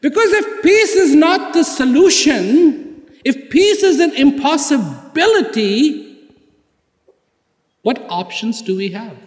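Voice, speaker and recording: Guy giving a big speech, high voice all over the place, super echoey hall. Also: animated, takes it slowly. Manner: rhetorical questions and acted-out dialogues; emphatic, repeats key words. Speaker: public speaker. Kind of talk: motivational speech.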